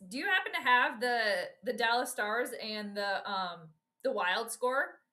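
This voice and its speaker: Speaking directly to her audience, a woman from Minnesota gives casual play-by-play as host, greeting every play with blunt frustration. She has a bright, forceful voice on the high side.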